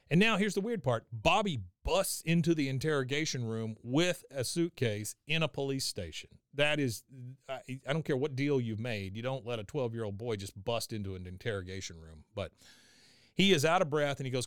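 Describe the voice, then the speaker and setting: A man hosting a podcast, recapping an episode casually in a wry, animated way. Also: mid-range voice, moderate pace, clean tone, no echo, studio quality. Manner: animated, wry, laughs often. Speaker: podcast host.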